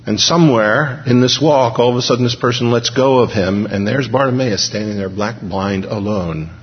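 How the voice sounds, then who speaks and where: A male preacher giving a sermon, dramatic, swinging between hushed and emphatic delivery. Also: medium pitch, normal speed. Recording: dull recording, long hall reverb.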